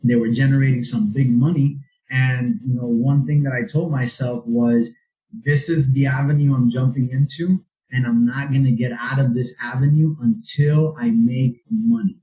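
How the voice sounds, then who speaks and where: A man's voice: normal speed, rough recording. A man guest on a casual podcast interview, telling stories animatedly and acting out quoted lines. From South Florida. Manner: animated storytelling, acts out quotes with raised pitch. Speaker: real estate investor guest.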